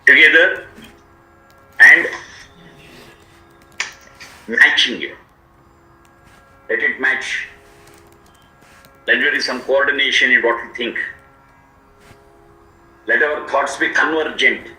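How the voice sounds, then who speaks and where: A man teaching a scripture, explaining each word slowly and repeating its meanings. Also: medium pitch, sharp tone, reverberant, rough recording. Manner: slow, repetitive word-by-word explanation. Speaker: Vedic teacher. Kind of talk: explanatory lecture.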